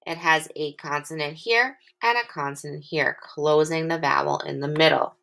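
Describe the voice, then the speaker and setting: A woman teaching a phonics lesson to young children, patient and encouraging, stretching her sounds out slowly and clearly. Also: low-pitched, a bit bright.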